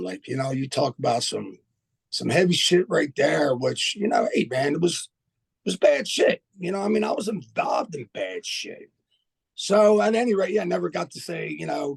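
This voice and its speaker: An older man speaks as a podcast guest, his voice heavily gravelly and rough around the edges. He talks bluntly and profanely, in a streetwise way, with a slightly raised pitch. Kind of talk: casual storytelling.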